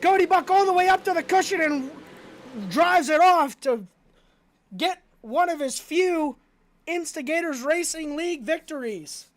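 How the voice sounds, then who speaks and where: Man, very high voice, race announcer, energetic rapid-fire play-by-play. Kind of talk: live racing play-by-play commentary.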